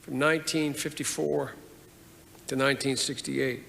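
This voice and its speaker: A man doing the voice of a gruff, fatherly old Southern senator who talks in a slow, repetitive drawl. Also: mid-range voice, flat delivery, fairly bright tone. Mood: solemn. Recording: long hall reverb, faint noise.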